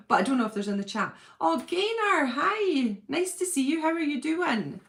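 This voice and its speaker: A woman's voice: high-pitched, very animated, a little slow, vocal fry, a bit bright. Woman doing a chatty livestream from home, reading comments, gushy and rambly, lots of ums. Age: adult with a husband and school-age children. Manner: chatty, gushing, thinks aloud with many fillers. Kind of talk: casual live-chat.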